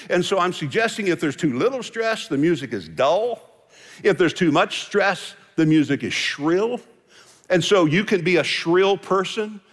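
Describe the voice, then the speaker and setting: A man giving a sermon as pastor, folksy and joking. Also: on the high side. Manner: folksy, joking, animated delivery. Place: large hall with musicians. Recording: hall reverb from live service.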